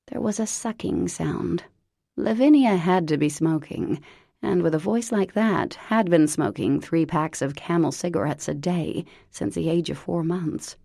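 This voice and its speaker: A woman reading an audiobook in a wry, deadpan narrating manner. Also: fairly low pitch, unhurried, gravelly, husky, no room sound, clean studio sound.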